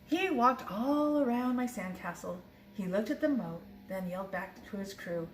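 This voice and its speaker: An older woman, a grandmother, reading a children's picture book aloud in a lively, expressive way with small slips. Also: mid-range voice, moderate pace, slight background noise. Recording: roomy echo.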